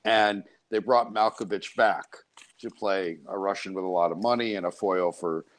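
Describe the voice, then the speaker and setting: A man's voice: low-pitched, normal speed. A man hosting a radio talk show from a studio, speaking in chatty, digressive banter. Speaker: radio host.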